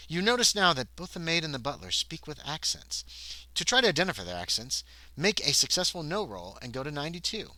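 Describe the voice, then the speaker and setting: A man's voice: a little high, big pitch swings, a little fast, pushed and bright, no room sound, poor audio. A man playing a solo tabletop horror scenario on a livestream, reading the text aloud and breaking off into muttered asides. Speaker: solo tabletop game player and narrator.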